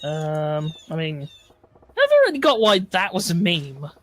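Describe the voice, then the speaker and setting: A woman's voice: low-pitched, big pitch swings, a little slow, fairly bright tone, slight background noise. A British woman doing casual gaming commentary, dry and sardonic, swearing casually. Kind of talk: casual let's-play chat.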